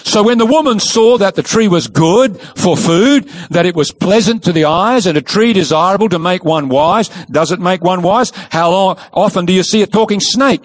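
A man preaching a sermon, telling the story with emphasis and rhetorical questions. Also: high-pitched.

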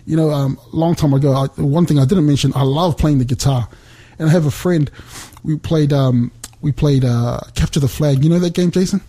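A middle-aged man speaks earnestly about faith, often stopping and restarting his sentences. His voice is mellow and a little husky. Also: on the high side. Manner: earnest, halting, many restarts. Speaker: guest speaker. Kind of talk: faith talk on a remote call.

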